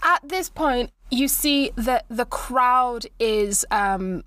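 A woman narrating a tabletop game as game master, chatty and lively. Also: a little high, very slow, dry recording, far from the mic. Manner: lively, laughing often, chatty.

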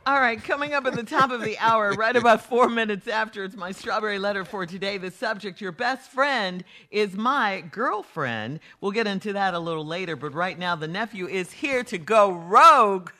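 A male morning radio host moving briskly from segment to segment. His tone is bright and upbeat, and his pitch rises and falls a lot. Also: expressive. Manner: upbeat, quick, laughing often.

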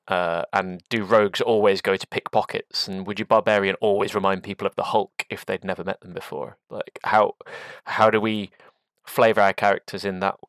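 A man's voice: deep voice, fairly bright tone, no room sound. A man hosting a casual podcast chat, thoughtful and searching for his words as he poses questions.

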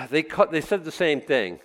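A man's voice: on the high side, animated, unhurried, a bit bright. A man preaching a sermon in a conversational, emphatic way, full of rhetorical questions. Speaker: pastor. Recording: long hall reverb.

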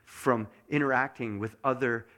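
A man preaching a sermon as pastor, asking the congregation many questions and dropping to a soft mutter to show meditation. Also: medium pitch, moderate pace. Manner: animated, asks the congregation lots of questions; drops to a soft mutter when showing meditation.

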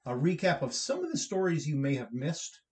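A man's voice: on the high side, very animated, a little fast. A man co-hosting a casual podcast, chatty, laughing often and rambling with restarts. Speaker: podcast co-host. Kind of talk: casual chat.

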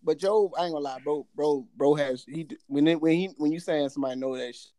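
A man's voice: on the high side, fast, dry recording. A man, a comedian, telling stories in casual podcast chat and acting out the people he quotes. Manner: animated storytelling, acts out quotes.

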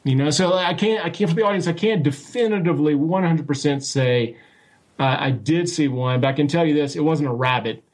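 A man telling a story as an interview guest, animated and full of restarts and acted-out quotes. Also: a little high, fairly quick. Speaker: guest recounting a sighting. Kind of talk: casual storytelling.

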